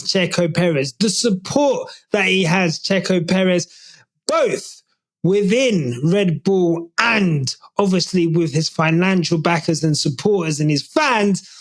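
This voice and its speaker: A man hosting a podcast, giving casual, animated opinion commentary with jokey asides. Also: high-pitched. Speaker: podcast host.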